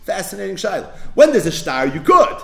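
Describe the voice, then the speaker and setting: Man, Talmud teacher, animated swooping delivery, slightly high voice, roomy echo, acts out the parties in the case. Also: brisk, gravelly. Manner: acts out both sides of the case in story voices; mixes Hebrew and Yiddish terms into English. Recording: echoey room.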